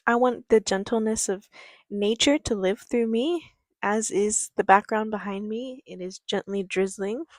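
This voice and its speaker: A woman life coach talks to the camera in a soft, calm, quiet voice. She takes her time and stays patient and peaceful. Her voice sits in the middle range and sounds dry and close. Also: mid-range voice, dry recording. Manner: unhurried, patient delivery. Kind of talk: reflective motivational talk to camera. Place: outdoors near a creek.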